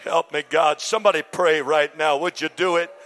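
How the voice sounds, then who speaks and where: Bright-voiced preacher shouting about pride. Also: male voice, fairly high pitch, steady tone, normal speed. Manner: swings from shouted preaching to hushed, breathy confession. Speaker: pastor. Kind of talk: sermon. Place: church sanctuary.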